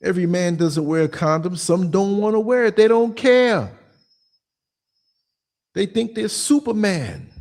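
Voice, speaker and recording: A man's voice: high voice, a little slow, long pauses, a little mellow. A man in his sixties hosting a podcast, telling blunt, streetwise stories and acting out quotes as he goes. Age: 60s. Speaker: podcast host. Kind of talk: casual monologue commentary.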